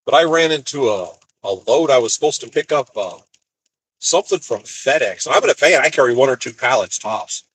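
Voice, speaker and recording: A man from the United States, an expedite van driver, casually telling rambling stories from the road and jumping into higher voices when he quotes people. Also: lively intonation, fairly quick, a bit bright, slight background noise, poor audio. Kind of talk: casual storytelling.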